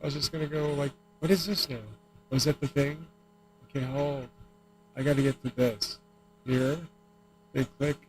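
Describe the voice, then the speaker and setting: Brief: male streamer, slightly high voice, rambling profane talk, faint background noise. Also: little pitch movement, moderate pace, pauses often, poor audio.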